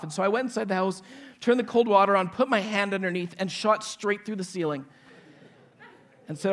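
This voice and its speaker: A pastor in his forties preaches with a fairly high voice. He tells a personal story, acting out each person's lines with animation before turning to scripture. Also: fast talker, fairly bright tone. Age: 40s.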